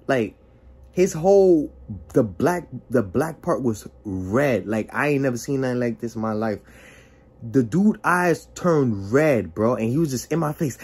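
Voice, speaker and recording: Animated young man telling a story. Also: mid-range voice, moderate pace, slightly rough. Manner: animated, acts out dialogue with exclamations. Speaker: vlogger telling a personal story. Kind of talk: casual testimony storytelling.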